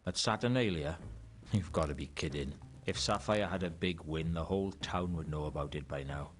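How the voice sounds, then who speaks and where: A man's voice: deep voice, moderate pace, slight background noise, natural voice. An actor playing a weary, sardonic male detective in a noir video game, speaking dryly. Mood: probing. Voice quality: dry, sardonic delivery. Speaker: game character.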